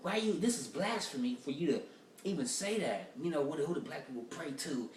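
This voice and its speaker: Guy doing a whiny offended dude scolding about negativity, kinda higher voice, echoey far mic. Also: animated, a little fast, a little hiss or hum, natural voice. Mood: indignant, whiny. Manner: whiny, indignant, keeps repeating "man". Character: offended, preachy man scolding on social media. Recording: roomy echo from far off.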